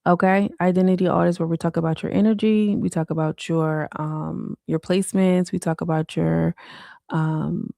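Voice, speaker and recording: A woman's voice: lowish voice, fairly even intonation, moderate pace, creaky, warm tone, no room sound, clean studio sound. A woman hosting a casual late-night livestream, talking in slang and answering viewer comments. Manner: slangy, frequent "like" and "you know". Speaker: livestream host.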